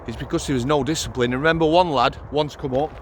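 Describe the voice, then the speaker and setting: A man's voice: medium pitch, fast talker, slight background noise. A middle-aged man, a former prison officer telling stories to his channel in a blunt, sweary, conversational way, outdoors. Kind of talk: casual vlog storytelling.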